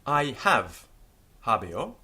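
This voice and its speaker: Slow, patient male language teacher. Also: breathy edge. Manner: slow, patient, spells out words letter by letter; lively pitch, stresses example words. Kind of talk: spoken language lesson.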